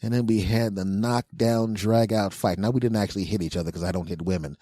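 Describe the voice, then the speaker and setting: Male comedian podcast host, crude animated storytelling, mellow darker tone, dry close sound. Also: fairly low pitch, a little fast, no room sound.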